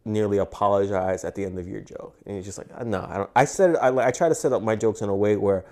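Mellow low-voiced male comic guest. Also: fast. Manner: laid-back, profane, filler-heavy. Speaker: guest comedian. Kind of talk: casual podcast chat.

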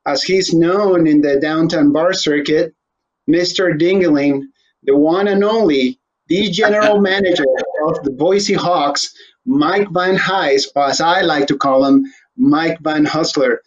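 A man's voice: fairly high pitch, measured pace. A man hosting a casual interview show, talking in a rambling, joking way. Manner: joking, rambling, laughs often. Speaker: host. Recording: slightly dull audio.

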